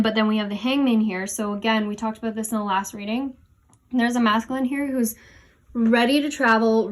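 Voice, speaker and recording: A young woman doing a casual tarot reading at home, talking with many fillers and a little out of breath as she leans over her cards. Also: medium pitch. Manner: chatty, many "like" and "um" fillers, laughs at herself. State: a bit out of breath. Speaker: tarot reader. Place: home room, kneeling over cards on the floor.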